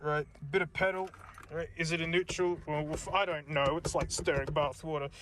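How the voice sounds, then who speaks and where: An excitable Australian man chatting on the spot while vlogging, calling everyone mate. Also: on the high side, moderate pace, slight background noise. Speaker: video host.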